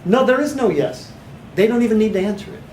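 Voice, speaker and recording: A man's voice: sits high, expressive, darkish tone. Give me a male hypnotherapy trainer explaining techniques to a class, with a faint hum behind. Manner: demonstrates guided imagery, drops to a slow authoritative voice. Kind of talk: teaching a small class. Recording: echoey room.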